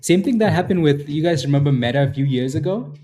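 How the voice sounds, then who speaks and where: A man's voice: fairly high pitch, expressive, fast talker, dark tone. A man hosting a day-trading livestream, chatting casually and repetitively with viewers in chat and hyping up trades. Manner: repetitive, hyped, chatty, addresses viewers by name. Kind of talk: casual live market commentary to chat.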